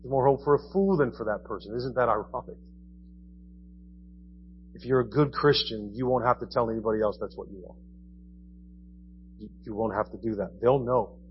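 A man's voice: medium pitch, normal speed, pauses often, dull audio, a little hiss or hum. A man preaching a sermon in a conversational style, asking his listeners question after question. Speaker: pastor. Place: church.

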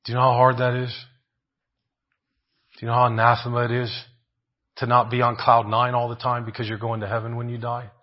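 A man's voice: medium pitch, monotone, brisk, pauses often, lo-fi sound. A man preaching a sermon, asking rhetorical questions, often adding "right?" and repeating phrases for emphasis.

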